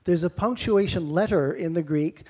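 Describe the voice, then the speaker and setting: A man's voice: high-pitched, moderate pace, a little mellow. A man with a Canadian accent preaching a sermon in a conversational way, with rhetorical questions and mock-incredulous asides.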